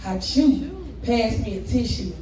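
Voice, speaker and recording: A woman's voice: on the high side, unhurried. A woman performing spoken word poetry live at a poetry event, rhythmic, blunt and profane, with laughing asides to the crowd. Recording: echoey room, distant mic, background noise.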